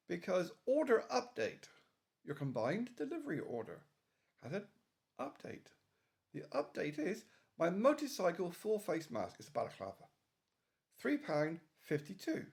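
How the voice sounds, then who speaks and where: A man's voice: sits high, wildly swooping pitch, moderate pace, creaky, a little mellow. A man with a British English accent, rambling playfully in a casual vlog, swearing freely and sliding into a silly put-on accent. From England. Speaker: vlogger.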